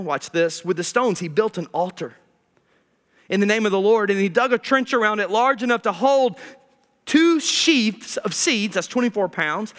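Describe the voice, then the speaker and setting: A man preaching a sermon, firing rhetorical questions and dropping to a near hush when reading scripture. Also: high-pitched. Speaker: pastor. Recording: long hall reverb.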